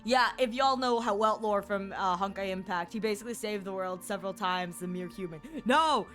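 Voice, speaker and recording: A woman's voice: mid-range voice, a little fast, fairly bright tone, faint music behind. A woman streamer chatting casually as she plays, rambling and giggling with plenty of fillers. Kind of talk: casual chat while gaming.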